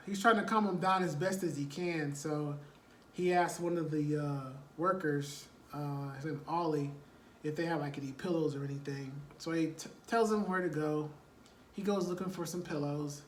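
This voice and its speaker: A man's voice: a little high, slight background noise. A man casually retelling a movie plot, rambling and filling gaps with "like" and "you know.". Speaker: storyteller. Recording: roomy echo, distant mic, faint ambience.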